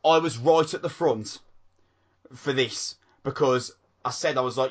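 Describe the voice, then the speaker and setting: Man, podcast co-host, casual excited chat, swears a lot. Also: mid-range voice, measured pace. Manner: excitable, swears a lot, calls people mate.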